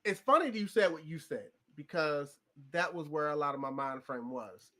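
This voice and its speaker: A man's voice: on the high side, normal speed, pushed and bright. A man hosting a casual podcast chat, steering the talk in a playful way and explaining his choices. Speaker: podcast host.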